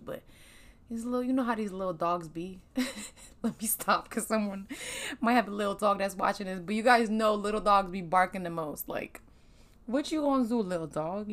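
A woman hosting her own podcast in casual chat, laughing often and a bit sniffly from allergies. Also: medium pitch. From United States. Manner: chatty, laughing, Southern slang. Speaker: podcast host.

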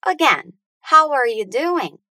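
Slow, lively-voiced woman teaching English phrases. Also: high voice, no echo. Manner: slow, deliberate, stretching out words for learners to repeat. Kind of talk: slow repeat-after-me English lesson.

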